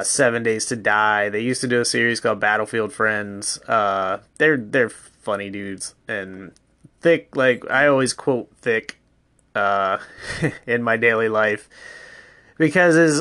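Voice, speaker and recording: A man's voice: medium pitch, smooth, no echo. Rambling, profane man podcasting at home. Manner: rambling, profane, deadpan mock-ad delivery. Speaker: podcast host. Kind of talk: casual solo podcast rambling. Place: home with pets around.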